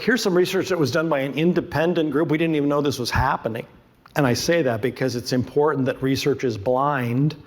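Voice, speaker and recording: A man presenting a curriculum to an audience. He talks emphatically, repeats his key points and asks rhetorical questions. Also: medium pitch. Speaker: conference speaker presenting a curriculum.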